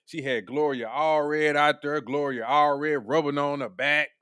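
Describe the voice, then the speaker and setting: A man's voice: on the high side, steady tone, unhurried, a bit bright, smooth, no room sound, clean studio sound. A man hosting a casual reaction commentary, blunt and profane, laughing often. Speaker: commentary host.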